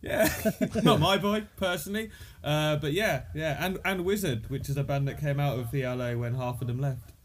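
A man's voice: a little high, fairly even intonation, moderate pace, few pauses. A man from Birmingham with a Brummie accent, chatting casually and laughing often, self-deprecating. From Birmingham, England. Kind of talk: casual chat.

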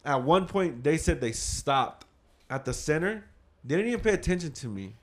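A man's voice: fairly high pitch, very animated, normal speed. A man, a father, chatting casually as co-host and telling a long story, acting out his own past thoughts and swearing now and then. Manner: rambling, acts out his own past thoughts with lots of "I was like".

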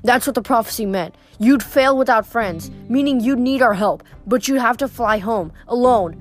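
A woman's voice: on the high side, moderate pace, soft background music, lightly acted. A woman voicing an earnest teenage hero. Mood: firm.

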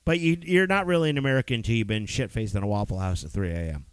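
A man's voice: on the low side, fast, clear, resonant tone, no room sound. A man co-hosting a podcast in loose, profane, rambling casual chat. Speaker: podcast co-host.

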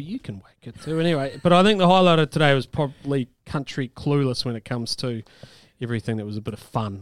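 A man with a New Zealand accent co-hosts breakfast radio, chatting casually, laughing often and warmly praising guests. His voice is medium-pitched, recorded on a dry studio mic with no room sound.

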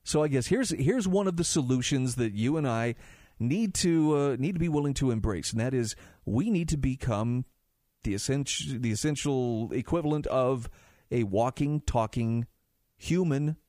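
A man's voice: medium pitch, lively intonation, moderate pace, darkish tone, no room sound, clean studio sound. A man hosting a talk radio show, reading articles aloud and adding his own asides in a conversational way. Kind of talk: talk radio monologue and ad read.

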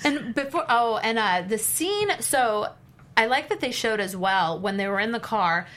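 A woman's voice: fairly high pitch, lively intonation, moderate pace, a bit bright. A woman co-hosting a casual TV recap chat, thoughtful and analytical, restarting her sentences as she works out her points. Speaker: podcast co-host.

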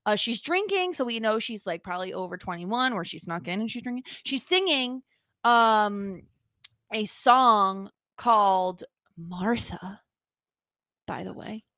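A woman co-hosting a TV recap podcast in casual chat, telling the story with animated emphasis. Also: mid-range voice, a little slow, no room sound, studio quality. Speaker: podcast co-host.

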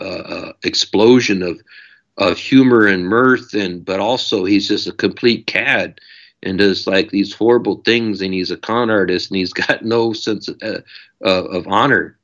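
Low-voiced man in dull lo-fi audio. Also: measured pace, a bit bright. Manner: passionate, discursive. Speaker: author guest. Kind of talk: casual interview chat.

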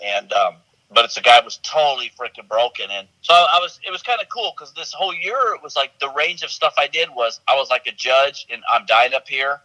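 A man, an actor guest, telling animated, rambling stories in casual chat with frequent restarts. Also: mid-range voice, a little fast, rough recording.

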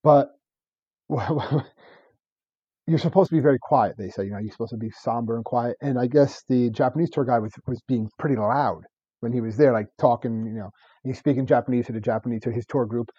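Fast-talking man with a dark, husky voice. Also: medium pitch, no echo, highs cut off. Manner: rambling storyteller with many restarts and laughs. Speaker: podcast co-host. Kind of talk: casual chat.

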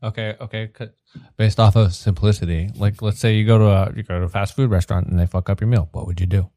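A man's voice: fairly low pitch, fairly even intonation, fast, dark tone. Laid-back man chatting casually. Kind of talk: casual chat.

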